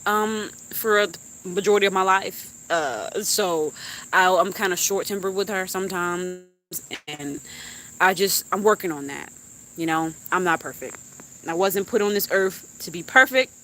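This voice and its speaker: Young woman on a live stream, venting from the heart, animated. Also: medium pitch, unhurried, a little hiss or hum. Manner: heartfelt and animated, swearing and laughing. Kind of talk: emotional casual chat.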